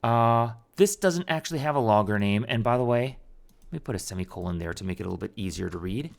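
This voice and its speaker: A man's voice: lowish voice, animated, fast talker, gravelly. A man teaching a programming tutorial over a screen recording, talking casually and thinking aloud with fillers and restarts.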